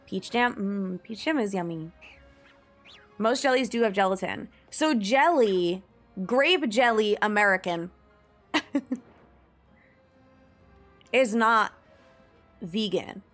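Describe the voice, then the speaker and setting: A woman's voice: medium pitch, lively intonation, slow pace, long pauses, faint music behind. Chatty young woman streamer musing aloud. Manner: chatty and musing, reads search results aloud with frequent laughs. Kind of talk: casual chat on a live stream.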